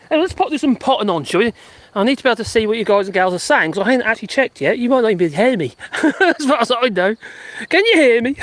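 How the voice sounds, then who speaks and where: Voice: mid-range voice, no echo. Rambling live-streamer. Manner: chatty and rambling, laughs often. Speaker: livestream host. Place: outdoors in a garden.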